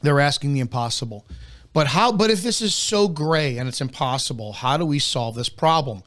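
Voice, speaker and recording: A man's voice: fairly high pitch, animated, moderate pace, fairly bright tone. A man hosting a live policing commentary show, talking bluntly and with emphasis, repeating his key points, swearing now and then and often stumbling into restarts.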